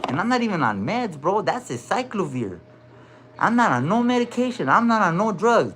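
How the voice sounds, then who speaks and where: A man's voice: sits high, big pitch swings, normal speed, noisy background. A man on a livestream, swearing freely and shifting between rhymed verses and defiant rants. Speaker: livestreamer and rapper. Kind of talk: live rap and rant.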